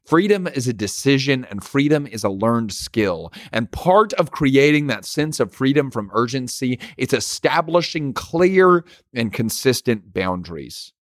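A man's voice: medium pitch, very animated, a little slow, few pauses, no room sound, clean studio sound. A man giving a motivational leadership talk, emphatic and full of rhetorical questions. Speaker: leadership speaker.

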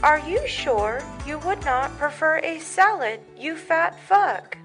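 A woman voicing a snarky smart-speaker assistant in a comedy skit, polite and deadpan. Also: high voice, slow pace, faint music behind, full character voice.

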